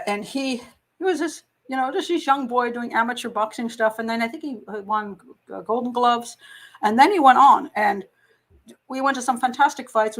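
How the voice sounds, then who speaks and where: A woman's voice: a little high, poor audio. A middle-aged woman hosting a casual live stream, rambling and chatty as she reads out viewer comments. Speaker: host.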